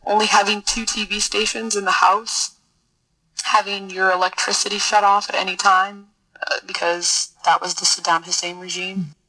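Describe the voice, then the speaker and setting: Middle-aged woman on a podcast, bright tense voice, earnest, stops and restarts a lot. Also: medium pitch, little pitch movement, low-quality recording. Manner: earnest, halting, repeats words while searching for them. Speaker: podcast guest, military officer. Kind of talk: personal storytelling in an interview.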